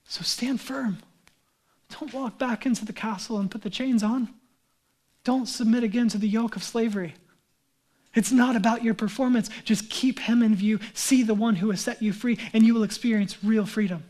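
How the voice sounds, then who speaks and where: A man preaching a sermon as a pastor, speaking fervently and emphatically, then closing in a soft, prayerful voice. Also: high-pitched, steady tone, moderate pace.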